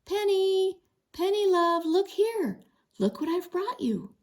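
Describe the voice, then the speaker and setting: A woman's voice: extremely high pitch, sing-song, slow pace, darkish tone, voice pushed up, exaggerated voice. Woman voicing an eager bold young girl. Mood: coaxing. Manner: eager, pleading.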